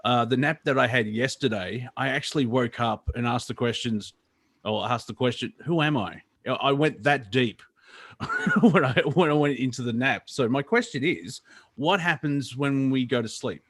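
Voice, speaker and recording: A man calling in to a talk show, speaking haltingly with many fillers and laughing often. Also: mid-range voice, a bit bright, slightly rough, dry recording. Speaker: caller. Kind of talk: casual chat.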